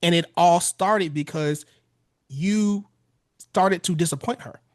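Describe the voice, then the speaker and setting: A man's voice: high-pitched, slow, no echo, clean studio sound. A man in his thirties, a relationship coach giving blunt, casual advice on a podcast and swearing freely. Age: 30s.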